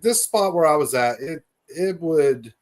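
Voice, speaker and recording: A man hosting a casual podcast interview, talking in a relaxed, frank way with casual swearing. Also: a little high, unhurried. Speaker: podcast host.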